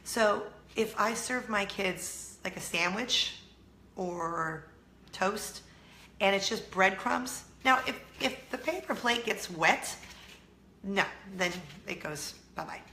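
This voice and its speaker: A bright, forward-sounding woman with a slight Southern drawl, chatting to her viewers with a voice roughened by a lingering cold. She is self-mocking and laughs easily, and the room around her echoes a little. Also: mid-range voice, slow pace, a little hiss or hum. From California. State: hoarse from a cold. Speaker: vlog host. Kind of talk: casual chat to camera.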